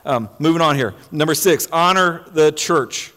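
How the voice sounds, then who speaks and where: A male pastor preaching in a church sanctuary, his voice sitting a little high for a man. He presses his points hard, doubling words and restarting phrases. A long hall reverb trails after each line. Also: normal speed, sharp tone. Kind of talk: sermon.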